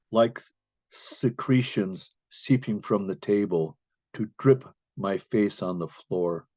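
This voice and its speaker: A man reading his own poem slowly and deliberately at an open mic. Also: on the low side, mellow, no echo. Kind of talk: poetry reading. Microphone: video call. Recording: dull lo-fi video call audio.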